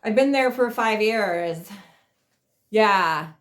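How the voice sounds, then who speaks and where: A woman's voice: medium pitch, lively intonation, extremely slow, music in the background. A woman casually telling funny work stories on her vlog, rambling with lots of fillers and laughing at herself. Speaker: vlogger. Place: at home in a chair.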